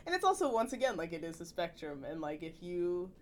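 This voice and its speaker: A young woman chatting casually, animated and full of laughs, with filler-heavy speech. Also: fairly low pitch, fairly quick, slight background noise. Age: young adult. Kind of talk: casual podcast chat.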